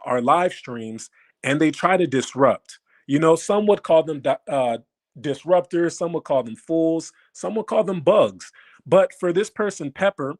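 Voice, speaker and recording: A man hosting a live stream, talking straight to his viewers in an animated, mocking way and repeating lines for emphasis. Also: fairly high pitch.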